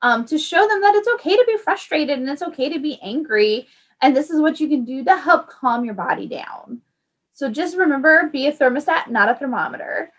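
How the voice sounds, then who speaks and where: Chatty woman explaining deep breathing. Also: expressive, a little fast. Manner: friendly, chatty, many fillers. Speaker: early childhood paraprofessional. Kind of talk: informal parent education talk.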